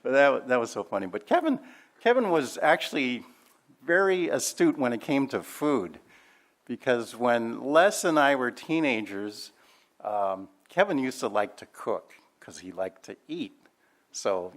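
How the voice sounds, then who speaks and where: A man's voice: mid-range voice, big pitch swings, normal speed. Older man telling family stories, laughing. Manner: chatty storyteller, laughs often, many fillers. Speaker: family member sharing memories. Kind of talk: anecdotal reminiscing speech.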